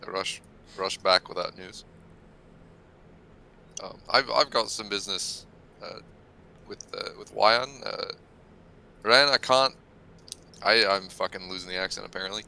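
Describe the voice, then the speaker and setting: A man's voice: sits low, fairly even intonation, normal speed, gravelly, pauses often, bright, forceful tone. A man playing a tabletop game, chatting loosely with swearing and restarts. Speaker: player. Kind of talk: casual tabletop game chat.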